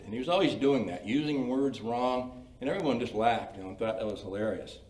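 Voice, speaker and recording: A man's voice: medium pitch, brisk, a little mellow. An older man leading a creative writing workshop, telling anecdotes in a folksy, chatty way with many "you know" fillers. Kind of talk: informal lecture with anecdotes. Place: library meeting room. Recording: roomy sound from a distant mic.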